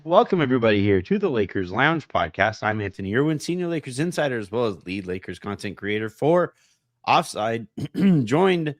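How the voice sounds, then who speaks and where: A man hosting a casual podcast, hoarse from a voice that partly went away, rambling and self-deprecating with lots of fillers and restarts. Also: mid-range voice, dry recording, clean studio sound. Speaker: podcast host.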